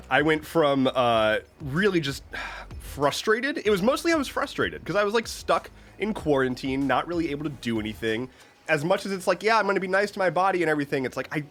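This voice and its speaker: A young man with a deep voice, getting over an illness, chatting casually as a livestream host and reading out viewer comments, rambling with many restarts and fillers. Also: a bit bright. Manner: rambling, self-interrupting, lots of "like" and restarts.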